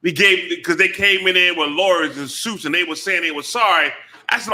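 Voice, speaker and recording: A man on a talk show telling a personal story with animated energy, acting out the voices of the people he quotes. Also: high-pitched, a little fast. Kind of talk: casual storytelling.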